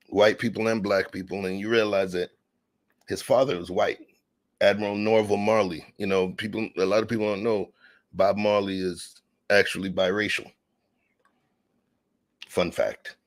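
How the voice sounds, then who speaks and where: Deep-voiced man talking casually. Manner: emphatic, laughing, peppered with 'you know'. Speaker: host. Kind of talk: casual podcast chat.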